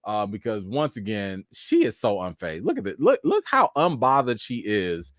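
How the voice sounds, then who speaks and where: A man's voice: fairly low pitch, sing-song, moderate pace, no room sound, studio quality. A man hosting a live chat reaction and review of a TV episode, talking casually with lots of "you know" fillers. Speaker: show host and reviewer.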